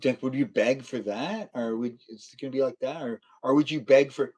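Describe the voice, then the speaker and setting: A man's voice: mid-range voice, normal speed, darkish tone, husky. A young man live streaming, chatting casually and teasing his viewers as he reads their comments, laughing often. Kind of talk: casual livestream chat reading viewer comments.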